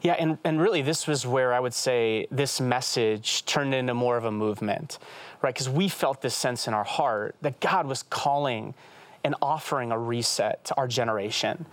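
A man in his thirties, an evangelist guest telling an animated story in an earnest, fast way on a talk show. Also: mid-range voice. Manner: earnest, fast, says "right?" often.

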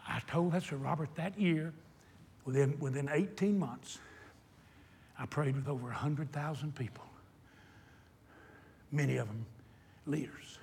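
An older man preaching a sermon, telling a personal story and swinging from hushed retelling to shouted exhortation. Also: on the high side, measured pace, gravelly, long pauses, big-room sound, slight background noise.

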